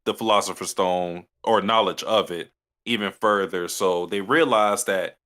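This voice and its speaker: A man co-hosting a podcast in casual chat, recapping an anime episode with halting restarts. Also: low voice, sharp tone. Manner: halting, restarts mid-sentence. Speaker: podcast co-host.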